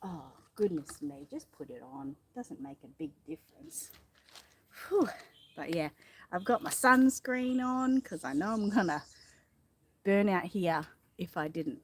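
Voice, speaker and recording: A woman with an Australian accent chatting casually outdoors on a live stream, greeting viewers by name in a relaxed way and dropping in the odd mild swear word. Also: on the low side, measured pace, slightly rough. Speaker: livestream host. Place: outdoors in a backyard. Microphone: phone propped on a ladder a little way off.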